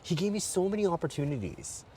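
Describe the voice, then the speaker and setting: Man, lively animated delivery, frank storytelling, distant mic, faint outdoor noise. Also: on the high side, fast. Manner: animated and frank, acts out quotes. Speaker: guest. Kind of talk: candid personal storytelling. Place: outdoors by a lake at night, walking.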